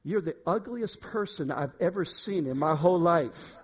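A man voicing a brash male parrot in a pet store, with shrill, squawking calls as he tells a joke in a sermon. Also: lively intonation, normal speed, breathy edge.

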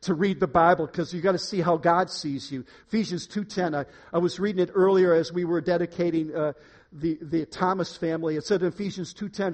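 Male pastor preaching, high voice, emphatic, swings from soft to loud. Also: fairly even intonation, fairly quick. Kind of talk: sermon. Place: church room.

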